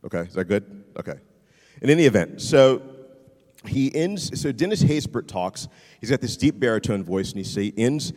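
A man's voice: medium pitch, expressive, normal speed, a little mellow. A man preaching a conversational sermon as a pastor, often repeating his questions. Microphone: handheld mic, swapped mid-sermon. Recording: long hall reverb.

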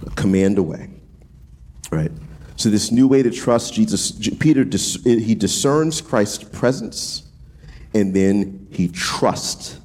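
A man preaching a casual sermon, animated and slangy, acting out voices as he goes. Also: lowish voice, slightly rough. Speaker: pastor.

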